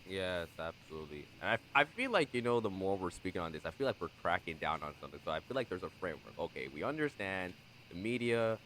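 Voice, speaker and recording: Bright-voiced young man, animated podcast host. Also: low-pitched, quick pace, a little hiss or hum, low-quality recording. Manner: animated, acts out quoted voices. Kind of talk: casual conversation.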